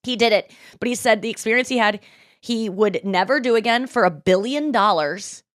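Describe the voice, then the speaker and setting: A woman in her thirties hosting a podcast, chatting casually, blunt and animated, swearing freely. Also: fairly high pitch, moderate pace, no echo, clean studio sound. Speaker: podcast host. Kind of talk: casual chat.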